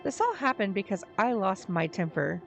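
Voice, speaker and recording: A woman streamer reading the lines of an earnest, kind-hearted boy from a story game, gentle and sincere. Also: mid-range voice, sing-song, normal speed, vocal fry, soft background music.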